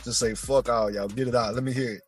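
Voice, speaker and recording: A man's voice: mid-range voice, steady tone, quick pace, husky, faint music behind. A young American man hosting a podcast, talking in crude, teasing slang and calling his guest bro. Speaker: podcast host. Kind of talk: casual podcast chat.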